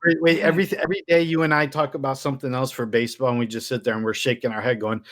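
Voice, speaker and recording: A man's voice: medium pitch, little pitch movement, very fast. A man co-hosting a sports podcast, chatting casually with dry sarcasm and frequent laughs.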